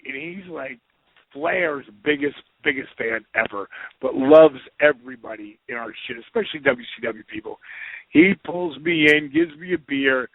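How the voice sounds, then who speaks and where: A man telling a lively, profane anecdote as a podcast guest, acting out the voices of the people he quotes. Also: fairly high pitch, creaky, dry recording. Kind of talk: casual anecdote storytelling. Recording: tinny phone-like line, dry.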